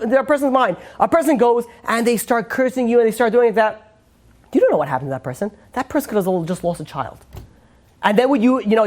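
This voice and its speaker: A rabbi speaking quickly in a relaxed Torah class. He talks in a loose, chatty way, leans on casual fillers, and slips into voices for the people in his stories. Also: very high voice. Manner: chatty, acts out quotes, many fillers.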